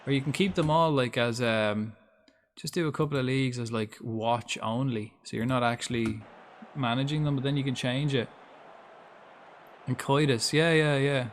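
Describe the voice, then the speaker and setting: There's slight background noise behind this medium-pitched male voice. The speaker is a young gaming streamer from Ireland who gives casual commentary while streaming a football management game, swearing freely and reacting out loud.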